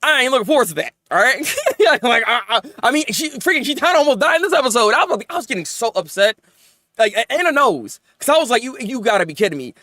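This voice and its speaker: A man reviewing anime episodes in casual, animated chat, venting and rambling as he goes. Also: extremely high pitch, dry recording. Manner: animated, rambling, quick to vent.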